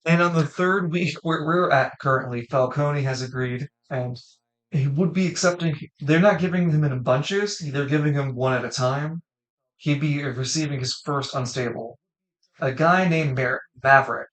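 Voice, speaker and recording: A man's voice: a little high, moderate pace, a bit bright. A man running a tabletop role-play game as game master, narrating in a rambling way and correcting himself as he goes. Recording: echoey room.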